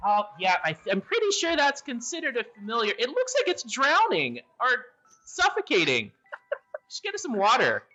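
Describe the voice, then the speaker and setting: A man's voice: extremely high pitch, wildly swooping pitch, moderate pace, sharp tone, voice pushed up, heavily acted. A man voicing a chatty, polite male gargoyle who guards magic slides, talking in a fussy, apologetic way. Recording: dull lo-fi audio.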